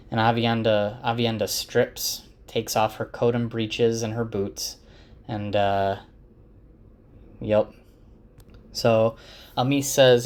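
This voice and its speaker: Man, lower voice, relaxed book recap, dips into character lines without fully acting them. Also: unhurried. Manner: chatty, loosely acts out characters' lines; laughs at funny moments. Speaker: book summarizer. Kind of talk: casual retelling of a novel.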